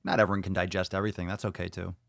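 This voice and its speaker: A man's voice: sits low, racing, creaky, dry recording, clean studio sound. Blunt, profane male podcast host. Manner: blunt, profane, animated, reads comments aloud and reacts. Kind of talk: casual podcast chat reading viewer comments.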